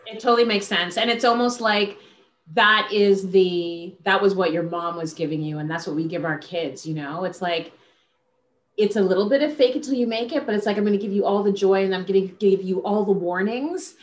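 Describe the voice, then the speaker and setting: A woman's voice: medium pitch, a little fast, echoey room. A woman hosting a book club interview, responding in an affirming way. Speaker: talk show host, interviewer.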